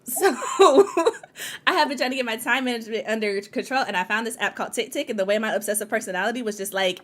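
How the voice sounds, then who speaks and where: A woman hosting a casual livestream chat, chatty and quick to laugh as she talks straight to her viewers. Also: a little high, fairly bright tone. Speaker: podcast host.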